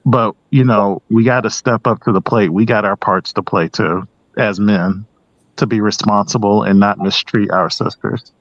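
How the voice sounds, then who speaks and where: A man speaking as a guest on a panel discussion, hesitant with many pauses and restarts. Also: fairly low pitch, fairly even intonation, dry recording, highs cut off.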